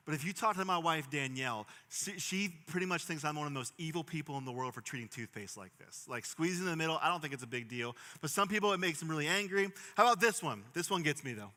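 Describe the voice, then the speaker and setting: Bright-voiced pastor in a reverberant hall. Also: male voice, on the high side. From Pittsburgh, USA. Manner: storytelling, jokey, works the crowd. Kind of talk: sermon. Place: large church hall.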